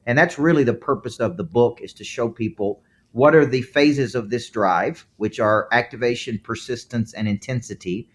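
A man with a Southern twang talks in a lively, fluent way as a podcast guest. He has a mid-range voice and sounds like a seasoned coach explaining his method. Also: medium pitch, normal speed. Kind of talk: podcast interview answers.

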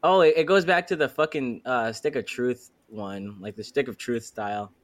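A man from Queens with a New York accent, co-hosting a casual podcast and talking in an animated, swearing way. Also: mid-range voice, normal speed, a loud crowd. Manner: animated, swearing, lively storytelling. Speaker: podcast co-host. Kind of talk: casual chat.

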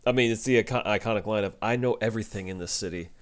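A man's voice: fairly low pitch, racing. A man co-hosting a casual podcast, quoting favorite lines and laughing often. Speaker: podcast co-host. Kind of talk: casual recap chat.

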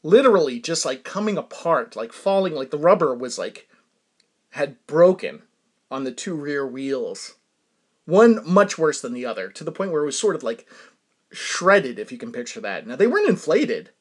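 The voice is a man's, fairly high and husky, swinging widely in pitch at normal speed. He hosts a podcast with a New England accent, telling a self-amused, rambling story as a casual monologue, often chuckling and lowering to a mutter for asides.

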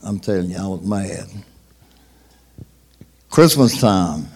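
A man with a very deep voice gives an emphatic, plain-spoken testimony. He sounds distant from the mic. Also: lively intonation, takes it slowly, a little mellow, husky. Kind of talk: church testimony.

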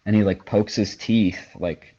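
Low-voiced young man telling a story. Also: fairly even intonation, unhurried, mellow, lo-fi sound. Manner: storytelling, heavy filler words. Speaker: podcast co-host. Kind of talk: casual chat.

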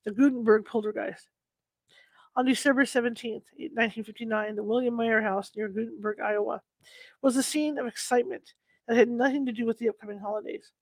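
A man reading ghost stories aloud at a steady pace, now and then stumbling and correcting himself. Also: very high-pitched, no room sound, poor audio. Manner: steady reading with occasional slips and self-corrections. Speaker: storyteller.

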